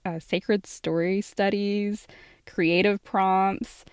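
A woman's voice: mid-range voice, steady tone, clean tone, no room sound, studio quality. A woman from the American South with a faint Southern accent, hosting a casual podcast chat and laughing easily. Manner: unhurried, laughs easily, chatty. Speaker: podcast host.

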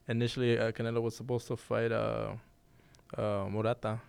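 Male podcast co-host, relaxed and loose, smooth tone, dry close mic. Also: medium pitch, moderate pace, no room sound. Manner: laid-back, trails off, swears casually. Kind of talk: casual chat.

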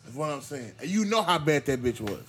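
A young man hosting a podcast, telling a story among friends in a casual, animated way and acting out the voices he quotes. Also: a little high, fairly quick, soft background music. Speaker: podcast host.

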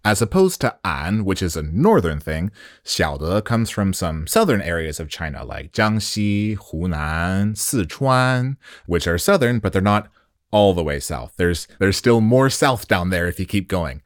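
A man's voice: deep voice, sing-song, unhurried, dry recording, clean studio sound. A man whose first language is English, hosting a solo podcast lesson on Mandarin slang in a playful, chatty way with jokes and rhetorical questions.

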